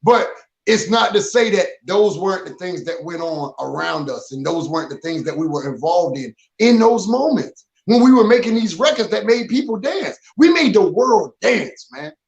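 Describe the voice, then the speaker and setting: Rapper guy w a high gravelly voice, fired up, slangy, stumbles over repeats. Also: lively intonation, moderate pace, dull audio. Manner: emphatic, streetwise slang, repeats words when fired up. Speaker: rapper and producer, guest. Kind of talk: casual podcast interview.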